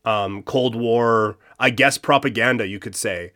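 Male podcast co-host, mid-pitched, relaxed and jokey, crude asides. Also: unhurried. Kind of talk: casual history podcast chat.

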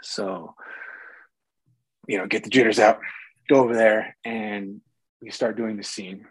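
Husky low-voiced man telling a story. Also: a little slow, no echo, rough recording. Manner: animated storyteller, acts out quoted dialogue. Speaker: actor guest. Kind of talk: casual anecdote.

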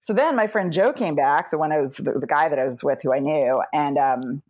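A woman from New York tells a story in a chatty, casual way, with frequent laughs between her phrases. Her voice sits low for a woman. She speaks as a comedy podcast guest over a remote call. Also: fairly quick, darkish tone, husky. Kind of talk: casual anecdote telling. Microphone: remote video call.

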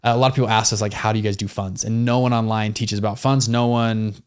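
A young adult man, an entrepreneur guest in an interview, telling stories in a slangy, animated way with many fillers. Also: on the low side, fast, clear, resonant tone. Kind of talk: casual interview storytelling.

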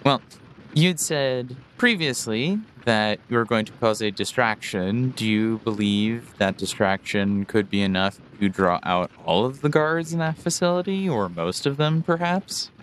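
A man's voice: mid-range voice, expressive, a little slow, slight background noise. A man playing a tabletop game, asking polite, hesitant questions. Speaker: player.

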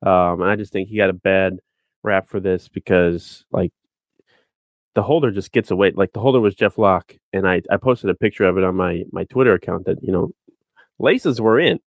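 Male co-host, low voice, relaxed sports talker, dry recording. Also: normal speed, no echo. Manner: relaxed, breaks into argued points. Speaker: podcast co-host. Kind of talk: casual chat and sports analysis.

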